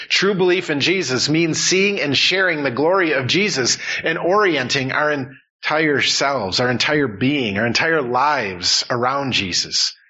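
Bright, husky-voiced male preacher. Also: medium pitch, muffled recording. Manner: earnest, emphatic preaching with repetitions. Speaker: pastor. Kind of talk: sermon.

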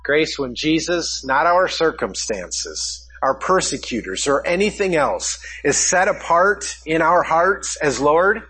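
Man, pastor preaching a sermon, husky, slightly high voice, rhetorical questions. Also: animated, takes it slowly, few pauses, pushed and bright, rough recording.

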